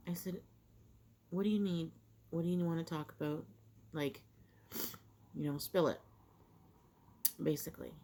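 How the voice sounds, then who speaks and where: A middle-aged woman, chatting casually over breakfast, rambling through a story with many fillers and restarts while she eats. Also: deep voice. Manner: talks while eating. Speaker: vlogger.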